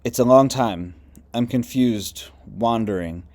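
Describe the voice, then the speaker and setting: A man reading the quoted words of a woman patient's spirit, wandering and confused, quiet and halting. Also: medium pitch. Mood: lost.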